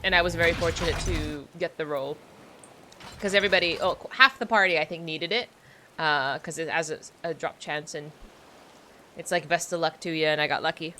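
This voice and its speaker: A woman's voice: deep voice, steady tone, a little fast, bright, forceful tone, a little hiss or hum. A young adult woman streaming a game, chatting casually with viewers in a rambling, self-deprecating way. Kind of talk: casual livestream chat while playing.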